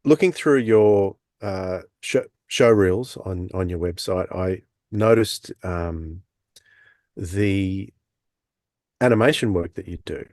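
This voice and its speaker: A male podcast co-host with a low voice asks his guest questions in a halting, hesitant way. His voice sounds dry and close, with no room echo. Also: a little mellow. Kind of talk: casual interview questions.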